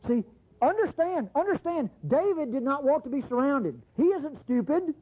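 A preacher in full flow, the voice husky and full of lively swings in pitch. The sermon comes through a thin, tinny recording. The delivery calls out to the room and drops to quiet asides between the peaks. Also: moderate pace. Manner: animated, swinging between low intimate asides and high bursts; addresses the congregation directly with call-outs.

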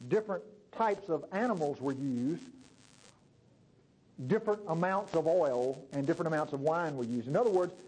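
Lively high-voiced man preaching. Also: rough recording. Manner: conversational, asks the congregation questions. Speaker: pastor. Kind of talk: sermon.

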